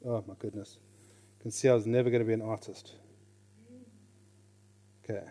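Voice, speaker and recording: A middle-aged man teaching a class on reading scripture. He is lively, questions his listeners, and repeats his key phrases. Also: fairly low pitch, moderate pace. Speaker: Bible teacher.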